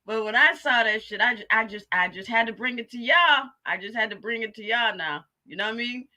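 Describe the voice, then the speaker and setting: A woman's voice: on the high side, a little fast, bright, forceful tone. A woman hosting a live stream, chatting casually and cracking crude jokes with frequent laughter. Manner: laughing, profane, joking commentary. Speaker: livestream host. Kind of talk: casual comedic chat.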